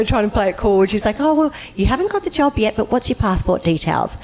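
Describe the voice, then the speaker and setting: A woman on a convention panel telling an animated anecdote, acting out voices and breaking into high, laughing squeals. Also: fast, hardly any pauses, low-quality recording.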